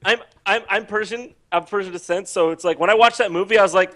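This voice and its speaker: A man who is a guest on a podcast, chatting casually and excitably, swearing often and stumbling into restarts. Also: sits high, fast. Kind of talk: casual chat.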